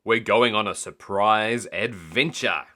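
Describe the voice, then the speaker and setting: A man's voice: lowish voice, slow pace, pushed and bright, exaggerated voice. A man voicing a cheerful, fun-loving father pig in a storybook reading, jolly and showy.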